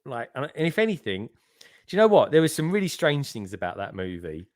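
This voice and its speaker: A man's voice: medium pitch, sing-song, a little fast, darkish tone, dry recording, studio quality. A man, a guest in a casual livestream chat, talking colloquially and laughing easily. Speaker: guest co-host.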